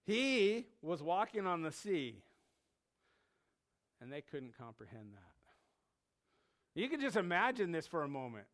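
A male preacher delivering an expository sermon in a fairly high voice that rises and falls a great deal. He acts out scenes and repeats key phrases for emphasis. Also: big pitch swings, slow, long pauses, a bit bright.

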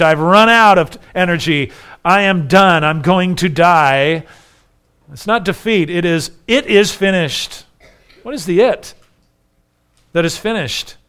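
A man delivers a sermon in a smooth, resonant voice pitched a little above the usual male range. He reads scripture aloud and explains it, building to emphatic declarations. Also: fairly bright tone. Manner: expository preaching, reading scripture aloud, rising to emphatic declarations. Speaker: preacher.

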